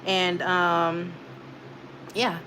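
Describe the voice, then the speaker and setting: Speaking very slowly, a young woman hosting a casual livestream chats with her audience and reads out their comments, rambling and filling pauses often. Her lowish voice barely moves in pitch and has a sharp edge, with faint hiss or hum in the recording.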